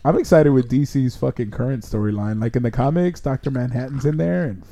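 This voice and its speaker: A man's voice: medium pitch, brisk, gravelly, warm tone. A man hosting a podcast in casual chat, joking, swearing freely and laughing often. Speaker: podcast host.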